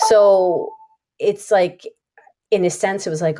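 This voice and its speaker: A woman's voice: mid-range voice, measured pace, dark tone. A middle-aged woman hosting a casual conversation, enthusiastic and frank as she reflects. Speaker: host.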